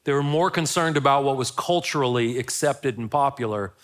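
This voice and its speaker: A man's voice: medium pitch, a little fast. A middle-aged man, a pastor opening his sermon with a chatty, self-deprecating story before moving into the teaching.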